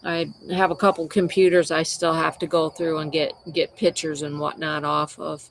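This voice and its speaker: A woman's voice: low voice, flat delivery, normal speed, vocal fry, a little hiss or hum. A woman wildlife photographer chatting casually with livestream viewers, telling meandering, conversational stories.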